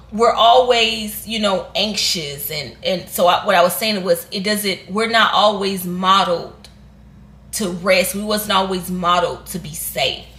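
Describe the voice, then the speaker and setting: A woman in her thirties speaks candidly in a sit-down reflective vlog. Her voice is bright and clear. She rambles and restarts her thoughts, and the room gives her voice a noticeable echo. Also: mid-range voice. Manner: candid and rambling, with restarts and Southern US American slang. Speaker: vlogger. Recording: echoey room.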